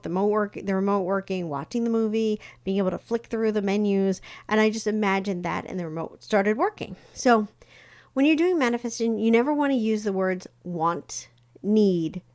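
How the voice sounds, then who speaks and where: Woman, psychic host, loose chatty delivery full of fillers, mid-range voice. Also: mid-range voice. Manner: chatty, rambling, many fillers. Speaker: psychic tarot reader. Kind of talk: casual live-stream talk.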